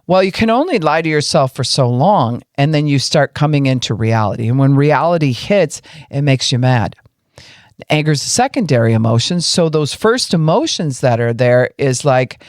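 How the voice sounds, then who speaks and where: Earnest man with a higher voice. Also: big pitch swings, moderate pace, no room sound, clean studio sound. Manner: acts out people's inner voices in quoted lines; earnest, explaining step by step. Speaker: podcast speaker on grief and emotions. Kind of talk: teaching talk.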